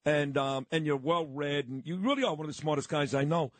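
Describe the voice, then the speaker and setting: A man's voice: fairly high pitch, fairly quick, no room sound. A man hosting a talk show, teasing and blunt in casual chat. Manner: brash, teasing, blunt and profane. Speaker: radio talk show host.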